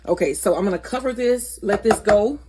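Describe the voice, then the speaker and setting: A woman's voice: medium pitch, a little fast, heavy background noise. A woman hosting a casual cooking vlog in her home kitchen, chatty and correcting herself as she goes. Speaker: cooking channel host.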